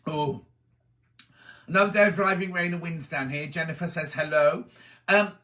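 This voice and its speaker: A chatty man hosts a live stream, greeting viewers one by one and reading their messages aloud. His voice sits slightly high for a man and sounds bright and forward. He talks in a relaxed, friendly way. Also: normal speed. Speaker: host.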